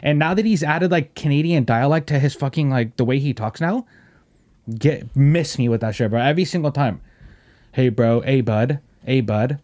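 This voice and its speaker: A young man hosting a podcast, telling stories in a loose, profane, animated way and laughing often. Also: on the high side, a little fast. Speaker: podcast host. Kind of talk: casual podcast chat.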